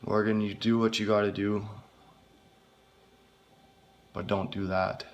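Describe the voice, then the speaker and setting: Low-voiced desperate friend read by a man, pleading, hesitant, lots of swearing. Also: level tone, slow, dull audio. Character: weary, desperate male friend with a job offer.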